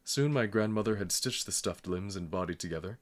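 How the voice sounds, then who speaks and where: A man reading a novel aloud in calm, measured narration. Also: low-pitched. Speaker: audiobook reader. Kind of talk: scripted narration.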